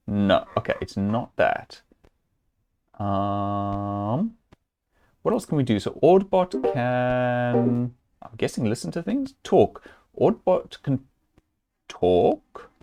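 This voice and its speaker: This man's warm, medium-pitched voice is expressive but very slow, with long pauses. He's streaming a point-and-click adventure, chatting casually, reasoning through the puzzles out loud, and chuckling in amusement.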